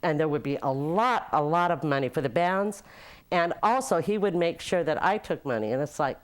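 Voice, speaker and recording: Older woman, low voice, storytelling interview, laughs often. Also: animated, normal speed. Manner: warm storytelling with frequent laughs. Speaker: former nightclub owner. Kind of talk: documentary interview, reminiscing.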